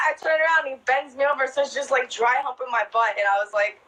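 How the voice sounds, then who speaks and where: A woman's voice: sits high, fast, few pauses, bright, forceful tone, low-quality recording. A young woman, a club dancer, telling stories in casual chat, swearing freely, laughing often and packing her talk with fillers. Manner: profane, laughing, lots of "like" fillers. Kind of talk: casual storytelling.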